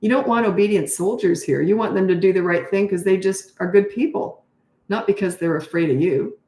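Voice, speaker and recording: A woman's voice: medium pitch, fairly quick, warm tone. A middle-aged woman parenting coach giving blunt, emphatic advice in a live question-and-answer talk, acting out what she says to children, sounding tired. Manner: blunt, emphatic, acts out her own replies to kids. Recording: echoey room.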